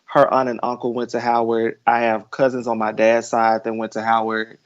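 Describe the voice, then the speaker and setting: Brief: male guest, Alabama drawl, relaxed storyteller, muffled call audio. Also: medium pitch, normal speed. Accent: Southern US, Alabama drawl. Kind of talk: casual chat.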